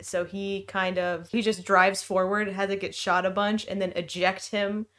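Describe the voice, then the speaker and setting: A woman's voice: medium pitch, flat delivery, moderate pace, fairly bright tone. A woman co-hosting a casual book club chat, retelling scenes with jokey, playful asides. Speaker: podcast co-host.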